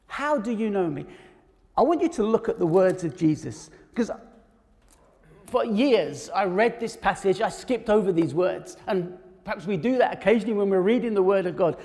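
Man, preacher, high voice, conversational sermon, long reverb. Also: lively intonation, brisk, darkish tone. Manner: conversational, with fillers and restarts.

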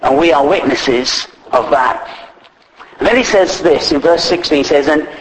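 A man's voice: a little high, moderate pace. A man preaching a sermon, retelling scripture in plain conversational speech with frequent fillers. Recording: echoey, faint background noise.

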